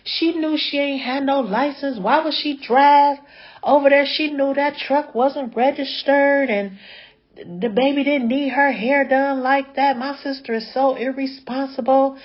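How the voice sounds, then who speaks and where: A woman's voice: steady tone, lo-fi sound, close to an everyday voice. A woman doing a fed-up ranting sister. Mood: exasperated rant. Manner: high-pitched, complaining, rapid venting.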